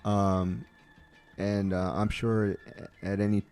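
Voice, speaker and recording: A man's voice: fairly low pitch, level tone, slow, a little mellow. A man, a talk-show guest telling a funny childhood story in a casual way and laughing often.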